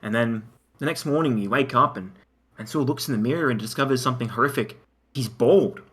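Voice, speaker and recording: A man's voice: fairly quick, husky. A man telling an improvised comic story as a podcast co-host, narrating scene by scene. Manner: animated, narrating a silly pitch.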